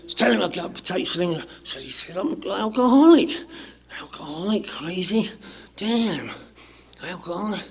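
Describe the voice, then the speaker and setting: A man telling his recovery story to a meeting in an animated way, acting out the dialogue, swearing and laughing. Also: high-pitched. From England. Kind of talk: personal recovery story told to a group. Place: community meeting room. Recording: dull lo-fi room recording.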